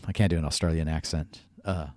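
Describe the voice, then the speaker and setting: A man talks through a casual podcast chat in a lively, up-and-down voice, sitting low in his register. He rambles, trips over his own sentences, restarts them and chuckles at himself. The sound is dry and close to the mic, with no room around it. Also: moderate pace, no echo. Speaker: podcast co-host.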